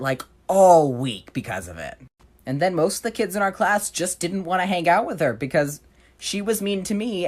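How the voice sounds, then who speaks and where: A young woman telling a storytime in a dry, sardonic way, acting out the voices she quotes. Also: low-pitched. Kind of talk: storytime narration over slime video.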